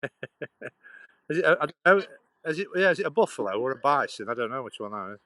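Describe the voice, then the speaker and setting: A man's voice: medium pitch, sing-song, a little fast, bright, forceful tone, no room sound, poor audio. Chatty Potteries-accented man walking outdoors. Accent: Stoke-on-Trent Potteries, dropped H's. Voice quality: chatty, laughing, restarting phrases. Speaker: vlogger live-streaming a walk. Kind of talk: rambling live-stream chat to viewers. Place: outdoors on a muddy canal-side path. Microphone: phone held while walking.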